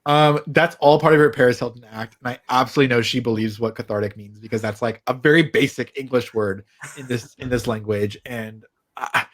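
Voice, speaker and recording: A man's voice: mid-range voice, brisk. A man co-hosting a podcast, chatting enthusiastically and giving strong opinions on reality TV. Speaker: podcast co-host. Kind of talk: casual chat.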